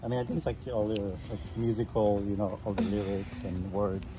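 A man's voice: fairly low pitch, flat delivery, a little fast, background noise. A man with an Israeli accent, a native Hebrew speaker, chatting casually while walking down a street. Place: outdoors on a street.

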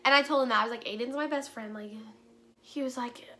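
A woman's voice: fairly high pitch, fast, sharp tone. A teenage girl telling a story to her camera, chatty and full of fillers, acting out what others said. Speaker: vlogger. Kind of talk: casual storytime.

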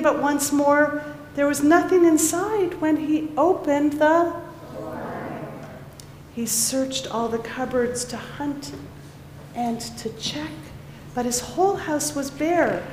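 High voiced lady reading a kids rhyme story slow, big echoey sanctuary. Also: slight background noise. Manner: warm coaxing with young listeners. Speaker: storyteller at a family worship service. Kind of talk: reading a rhyming children's story aloud. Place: large synagogue sanctuary. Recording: echoey hall with faint ambience.

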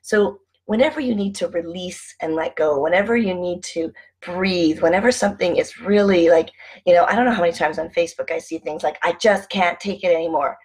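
A woman's voice: on the low side, breathy edge, poor audio. A woman giving a casual, frank motivational talk at home, chatty and blunt, swearing now and then. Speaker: host.

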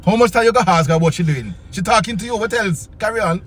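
A man playing a loud, teasing older uncle who hosts a comedy chat, bossy and mocking with cackling laughs. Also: fast. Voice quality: shrill, cackling, squealing laugh. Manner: bossy, mocking, shouts and sing-song. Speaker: host. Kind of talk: improvised comedy character chat. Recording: noisy recording.

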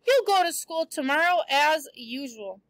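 A woman reading aloud as a brisk, stern older woman from a storybook. She is practical and matter-of-fact, in a high voice that sounds dry and close. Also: animated, no room sound. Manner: brisk, no-nonsense.

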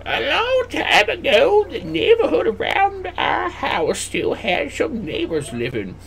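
A man voicing an old grandmother reading her own folksy notes aloud in a put-on high voice. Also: wildly swooping pitch, slow pace, gravelly, a bit bright, a little hiss or hum, exaggerated voice.

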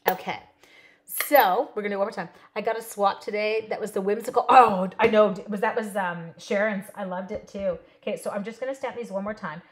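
A woman's voice: mid-range voice, brisk. A woman teaching a live card-stamping class in a casual, chatty way, talking to her viewers by name. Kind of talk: casual live craft demo.

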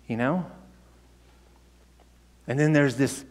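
A male pastor preaching a sermon, conversational and animated, telling the story with frequent restarts. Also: medium pitch, normal speed, pauses often. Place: church sanctuary. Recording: long hall reverb.

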